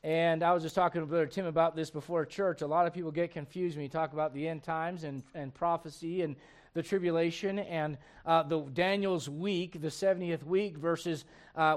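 A man with a notably high speaking voice delivers a sermon to his congregation. He talks in a loose, conversational way, often stumbling over and restarting phrases. He breaks up the teaching with humorous asides. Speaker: pastor.

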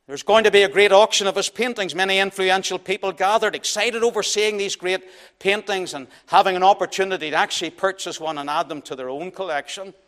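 A man preaching a sermon in a church, telling a story dramatically and swinging between loud and hushed delivery. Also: high-pitched, fairly quick.

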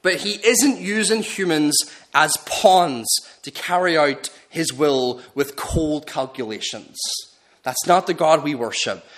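A man preaching a sermon. He speaks expressively, dropping low and soft for quoted lines and rising for emphasis. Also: lively intonation, a little slow.

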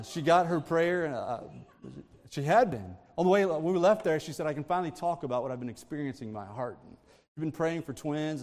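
A man's voice: fairly high pitch, a little mellow, in a large hall. A man preaching a sermon, telling family stories with frequent laughter and asides to the congregation.

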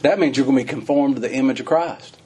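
Husky preacher, fervent sermon. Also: male voice, warm tone. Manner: rises to high, fervent emphasis and slows on key phrases; reads scripture in old-fashioned wording, then explains in plain folksy talk.

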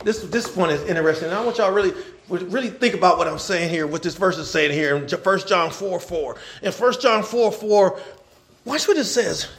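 A male pastor preaching a sermon, swinging from loud shouting to quiet asides, with colloquial talk and lots of repeated words. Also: sits high, moderate pace.

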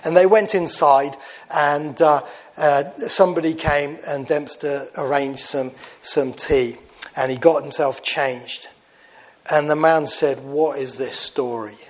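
A man telling a story in a sermon, in a conversational way with many fillers and restarts, dropping quiet for quoted lines. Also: a little high, fairly even intonation, slow pace. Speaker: preacher.

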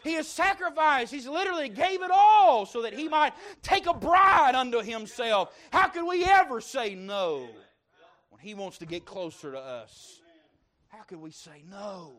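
A man preaching a sermon, moving between loud fervent stretches and soft hushed asides. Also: very high-pitched, expressive, a little slow. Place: church service.

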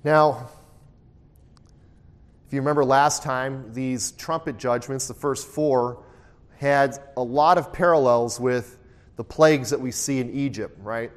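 A man with a medium-pitched voice and fairly even intonation speaks at a measured pace. He's a Bible teacher leading an interactive study, reading scripture aloud in a raised voice, putting questions to his group and echoing back their answers.

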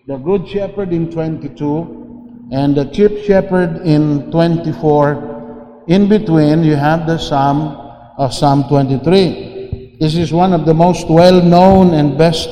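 A man preaching a sermon slowly, often restarting and repeating phrases, heard in an echoey hall. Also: a little high, dark tone. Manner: slow, repetitive, with many restarts and fillers. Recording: echoey hall with long reverb.

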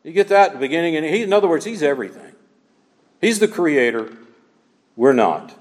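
Lively, animated male preacher in a hall. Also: fairly high pitch, a little fast. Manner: expressive preaching, acts out little scenes. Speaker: pastor. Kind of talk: sermon. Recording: reverberant hall.

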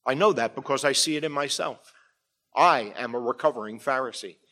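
A man's voice: mid-range voice, a little fast, bright, forceful tone. A middle-aged man preaching a sermon, emphatic, often checking in with his listeners with "all right?". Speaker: pastor.

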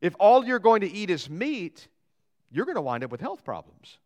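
A pastor preaching a sermon in a church, with folksy jokes and asides to the congregation and a delivery that swings from loud to quiet. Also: male voice, high-pitched, sing-song, moderate pace, highs cut off. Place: church sanctuary.

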